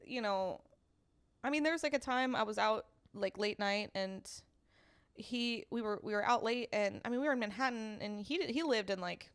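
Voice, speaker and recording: Swearing, quick-laughing young woman co-host. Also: fairly high pitch, clean tone. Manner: swears freely, laughs and talks in quick bursts. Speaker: podcast co-host. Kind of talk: casual chat.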